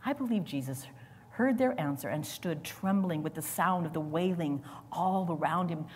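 A woman preacher delivering a sermon with dramatic swings between loud, forceful lines and near whispers. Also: on the low side, normal speed, long reverb tail, a little hiss or hum.

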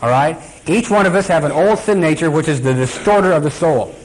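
A male Bible teacher delivering a sermon in a slightly higher voice. He keeps turning questions back to the congregation and slips into little acted voices. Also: brisk, low-quality recording. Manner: quizzes the congregation, acts out quotes.

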